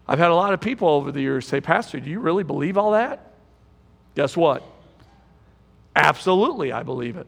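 A man's voice: on the high side, very animated, brisk, vocal fry, pauses often, a bit bright, in a large hall. A man preaching a sermon as pastor, emphatic and repetitive, asking the congregation rhetorical questions.

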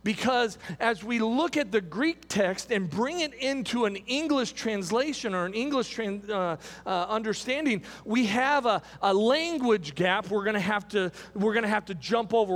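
A man with a very high voice preaches a sermon as pastor, driving his points home through emphatic repetition. His words ring out with the long reverb of a large hall. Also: normal speed, hardly any pauses, a bit bright.

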